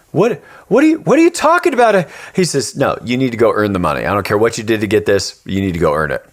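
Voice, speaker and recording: A male podcast host in casual chat, telling a story with lively character voices and giving earnest advice. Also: deep voice. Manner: animated storyteller, acts out the characters.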